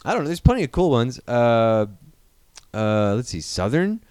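A man's voice: medium pitch, sing-song, moderate pace, a little mellow, clean tone, no room sound. A man co-hosting a podcast in casual banter, joking and swearing as he rambles through hypotheticals. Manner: profane, joking, trails off into mock inner voices. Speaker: podcast co-host.

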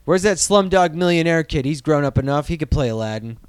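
A man in his thirties from Iowa holds forth on movies with heated, profane energy. His voice sits a bit high and comes through smooth and resonant. The sound is dry, with no room around it. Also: brisk, dry recording. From Iowa, USA. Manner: animated, ranting, swears a lot. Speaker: podcast host. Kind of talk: casual profane movie-news chat.

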